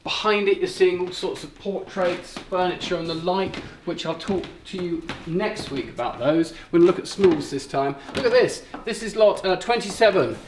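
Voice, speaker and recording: A chatty, joking man talks up auction lots with easy enthusiasm, his voice at a middling pitch. He stands some way back from the mic in a sale room. The room rings with echo, and a faint hum of ambience sits underneath. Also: normal speed, few pauses. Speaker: auction house presenter. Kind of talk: casual sale preview walkthrough. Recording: echoey room, mic at a distance.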